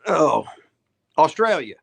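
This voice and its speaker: A man's voice: a little high, big pitch swings, slow pace, gravelly, breathy edge. An older man, a retired wrestler hosting a show and telling rambling, folksy stories with swearing and laughs. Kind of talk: casual storytelling chat.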